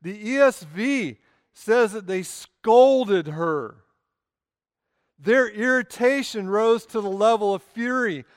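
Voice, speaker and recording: A male pastor preaches a sermon in an earnest, deliberate way, slowing down to stress key phrases. His voice sits high and comes across smooth and clear. The sound is dry and close, with little room echo. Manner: earnest preaching with slow emphatic pauses. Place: church sanctuary.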